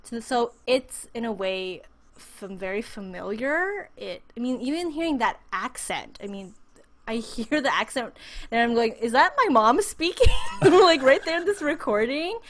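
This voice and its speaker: A woman's voice: a little high, measured pace. Woman guest acting out quoted voices. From United States. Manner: animated, acts out quoted voices. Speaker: podcast guest. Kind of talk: casual interview.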